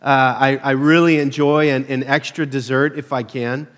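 A man's voice: medium pitch, flat delivery, moderate pace. A man preaching a casual, conversational sermon to his church, peppered with "uh" fillers and self-deprecating humor. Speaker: pastor.

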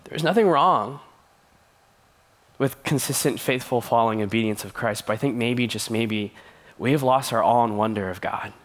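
A man's voice: medium pitch, normal speed. A young man giving a sermon as a youth pastor, earnest and conversational, with playful asides.

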